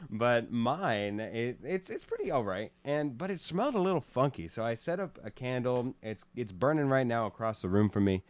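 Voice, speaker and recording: A man's voice: medium pitch, animated, normal speed, few pauses, no room sound. A man co-hosting a casual podcast, joking and teasing his co-host as they chat.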